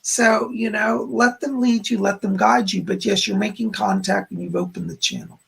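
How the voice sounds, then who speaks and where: A man hosting a live stream as a psychic medium, giving readings to viewers who donate and relaying messages from spirits in a rambling way. His voice is going hoarse. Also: high-pitched, fairly even intonation, normal speed, fairly bright tone.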